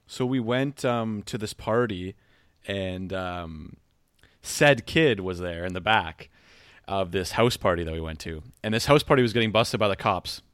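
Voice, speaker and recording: A man's voice: sits low, a little slow, a bit bright, no room sound, clean studio sound. A young man, a podcast host, telling a story in casual chat and laughing along the way.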